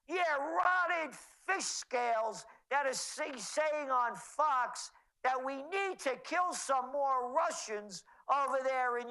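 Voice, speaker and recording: A man's voice: very high voice, bright, forceful tone, rough recording. A man being interviewed as a trends forecaster, talking in a sarcastic, mocking way. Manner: sarcastic, mocking, rattling off names. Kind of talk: interview commentary.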